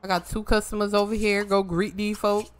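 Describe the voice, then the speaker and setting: A woman giving casual let's-play commentary, animated and joking, swearing freely and scolding the characters on screen. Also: mid-range voice, a little fast. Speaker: gaming streamer.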